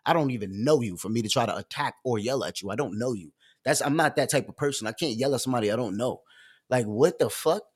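A young man hosting a live stream, ranting with heavy slang and swinging from loud bursts to low asides. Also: fast, husky. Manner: profane, streetwise slang. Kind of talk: animated rant on a live stream.

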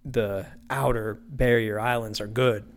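A man's voice: mid-range voice, steady tone, unhurried. Young man ranting casually, profane and loose. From Pittsburgh. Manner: loose, profane, rambling with restarts. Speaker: podcast host. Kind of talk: casual solo podcast rant.

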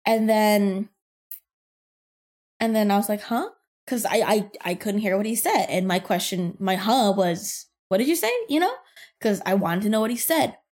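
A young woman podcast host telling a workplace story in casual chat, animated and profane, with lots of fillers and frequent laughter. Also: mid-range voice, moderate pace. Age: young adult.

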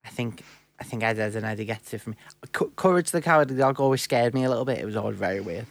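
A young man co-hosting a casual podcast chat, talkative and quick to laugh, often repeating words as he starts a thought. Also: medium pitch, vocal fry. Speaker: podcast co-host.

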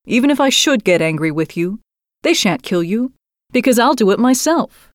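A woman's voice: on the high side, lively intonation, moderate pace, dry recording, clean studio sound, pitched above the performer's own voice, natural voice. A woman doing a bossy little robber girl. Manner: bossy, demanding.

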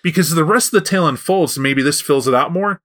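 A man casually retelling a folk tale, animated and loose, often correcting himself. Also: fairly high pitch, fairly quick. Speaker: storyteller. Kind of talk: casual spoken storytelling.

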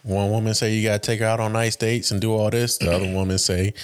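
A man's voice: on the low side, level tone, fast talker, very noisy. A man co-hosting a podcast, joking and incredulous in casual banter. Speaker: podcast co-host.

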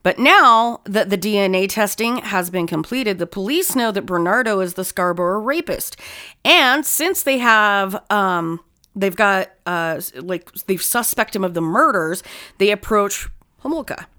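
A woman's voice: mid-range voice, expressive, a little slow, pushed and bright. A woman co-hosts a casual true-crime podcast and walks through the case in plain, conversational talk. She swears freely and slips in dry, sarcastic asides as she goes. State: sore tooth. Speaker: podcast co-host.

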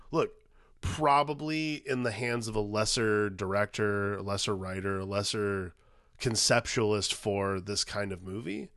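A man's voice: fairly low pitch, a bit bright, no room sound, studio quality. A man co-hosting a movie podcast, talking casually and emphatically, repeating himself and swearing as he argues his point. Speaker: podcast co-host. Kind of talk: casual movie-review chat.

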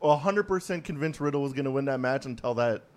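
A man's voice: mid-range voice, expressive, quick pace. A man on a podcast panel, giving his opinions in a dry, matter-of-fact way. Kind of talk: casual podcast chat.

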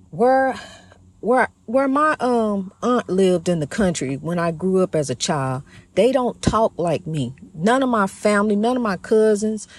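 A woman hosting her own program in a casual, rambling spiritual monologue, folksy and preachy, calling her listeners honey. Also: medium pitch. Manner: preachy, praising God. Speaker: host of a motivational program.

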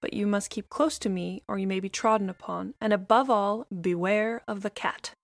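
A proud, fussy mother duck, voiced by a woman reading a storybook lectures her brood in a slightly lifted, gravelly voice. The sound is dry and close. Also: medium pitch, fairly even intonation, normal speed, no echo, lightly acted.

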